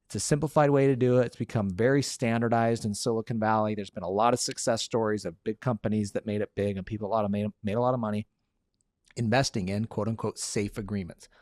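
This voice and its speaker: A man's voice: fairly low pitch, fairly even intonation, quick pace, a little mellow, no room sound, studio quality. Upbeat joking man hosting a podcast. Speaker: podcast host and lawyer. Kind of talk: casual podcast Q&A.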